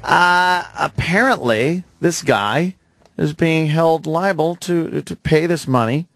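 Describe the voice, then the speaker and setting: A man's voice: on the high side, slow pace, gravelly, a bit bright, no room sound. A man co-hosting a radio show in a studio, bantering loosely with profane reactions.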